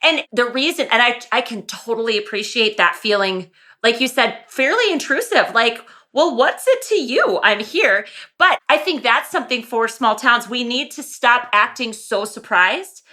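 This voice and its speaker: A woman's voice: on the high side, lively intonation, normal speed, sharp tone. A woman hosting a podcast interview, chatting emphatically and laughing easily. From small-town farm background. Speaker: podcast host.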